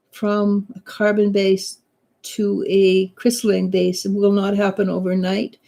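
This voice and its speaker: A woman's voice: mid-range voice, warm tone. A middle-aged woman doing psychic readings on a live stream, chatting casually and laughing often, sometimes restarting her sentences. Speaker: psychic reader. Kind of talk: live stream chat, answering viewer comments.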